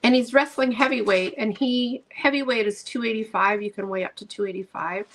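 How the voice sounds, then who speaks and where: A woman's voice: fairly high pitch, steady tone, brisk, a bit bright, rough recording. A middle-aged woman, a craft channel host chatting casually while she paints, gushing storyteller with many ums.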